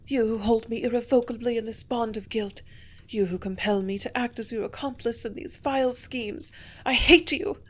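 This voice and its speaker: A woman's voice: on the high side, steady tone, normal speed, pitched above the performer's own voice, lightly acted. A woman voicing a desperate young woman in an audiobook, her voice raised and strained. She speaks with a tormented, despairing manner. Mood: angry. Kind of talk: audiobook character reading.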